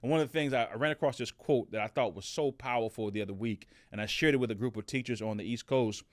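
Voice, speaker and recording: A man's voice: mid-range voice, quick pace, dry recording. A middle-aged man hosting a motivational podcast, telling a story in a casual way with many fillers and restarts. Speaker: podcast host.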